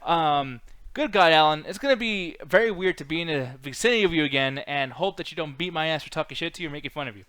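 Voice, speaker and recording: A man co-hosting a casual live-stream chat, excitable and profane, laughing often. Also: a little high, quick pace, clear, resonant tone, no echo. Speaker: podcast co-host.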